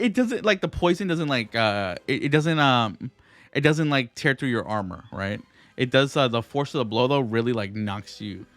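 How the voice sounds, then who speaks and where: A man running a tabletop game as game master, halting and full of fillers and checking questions. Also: medium pitch, a bit bright. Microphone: streaming setup.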